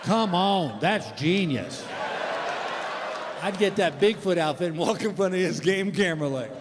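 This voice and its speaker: Animated stand-up comedian man in a hall. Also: high-pitched, a little slow. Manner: animated, folksy storytelling with frequent chuckles. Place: large theater stage. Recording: live theater reverb with audience noise.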